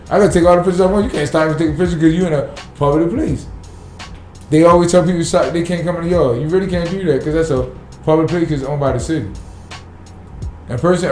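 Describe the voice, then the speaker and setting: Man, rapid blunt talk, mellow tone, roomy echo, faint music. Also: a little high. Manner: blunt, profane, fired-up. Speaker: city sanitation worker, guest. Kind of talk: casual podcast interview.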